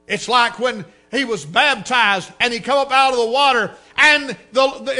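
Fervent preacher, very high bright voice. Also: male voice, normal speed, hardly any pauses, soft background music. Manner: fervent, rising to shouts. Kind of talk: sermon.

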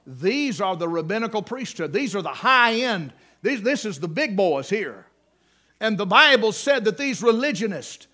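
A man preaching a sermon, emphatic and repetitive, swinging between loud and quiet. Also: high voice. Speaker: pastor.

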